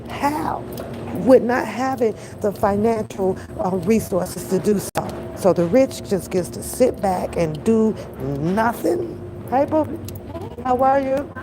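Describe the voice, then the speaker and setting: A woman's voice: medium pitch, noisy background. A woman giving her blunt, profane opinions in a casual commentary rant, repeating phrases for emphasis. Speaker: reaction commentator.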